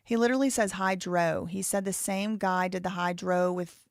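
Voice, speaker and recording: A woman's voice: lowish voice, steady tone, moderate pace, dry recording, clean studio sound. A woman with a Southern American accent hosting a live show, chatting casually and reading out viewer donations and messages. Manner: chatty, thinks aloud, reads viewer messages. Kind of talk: casual live-stream commentary.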